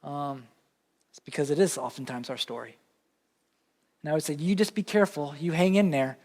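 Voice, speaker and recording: Southern male pastor, higher-pitched, earnest conversational preaching, lingering church reverb. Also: moderate pace, a little mellow. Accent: Southern American. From Southern United States. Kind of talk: sermon. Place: church sanctuary.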